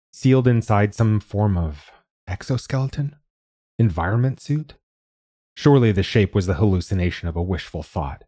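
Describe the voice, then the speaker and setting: A man narrating a scripted story in a slow, measured reading. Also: sits low, mellow, slightly rough, no room sound, studio quality. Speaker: narrator and host.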